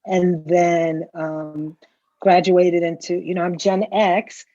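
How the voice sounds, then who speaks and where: A woman's voice: on the low side, little pitch movement, slow, mellow, no room sound. A middle-aged woman, telling stories in casual chat and tagging her lines with "right?". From the Bronx, New York. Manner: chatty storyteller, tags lines with "right?". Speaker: customer guest. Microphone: video call. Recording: dull lo-fi video call audio.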